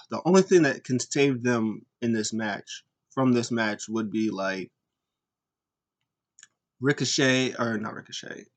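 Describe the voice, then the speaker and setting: A man hosting a casual wrestling recap show, rambling with lots of fillers and restarts, acting out bits of what he watched. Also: mid-range voice. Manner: rambling, animated retellings with frequent fillers and restarts. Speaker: podcast host.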